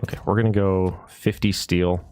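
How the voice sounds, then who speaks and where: Man, low voice, game streamer, casual muttering, grumbly. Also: level tone, moderate pace, a little mellow, slight background noise. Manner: muttering to himself while planning, annoyed at bugs. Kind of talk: casual gameplay commentary.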